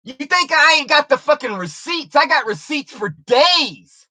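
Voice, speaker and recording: A woman's voice: high voice, expressive, measured pace, sharp tone, no echo. A woman delivering an angry, profane, confrontational rant on her video channel, taunting the person she is addressing. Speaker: YouTuber.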